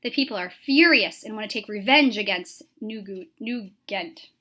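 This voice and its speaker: A woman's voice: medium pitch, normal speed, pushed and bright, close to an everyday voice. A woman voicing a worried tribal elder addressing the young, reading with grave, urgent stress on key words.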